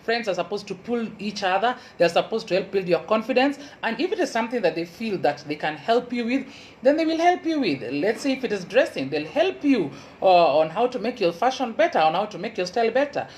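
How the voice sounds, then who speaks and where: A woman with a Kenyan Luo accent, a university lecturer giving an earnest motivational talk and repeating key advice slowly for emphasis. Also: mid-range voice, sing-song, a little mellow, a little hiss or hum, rough recording.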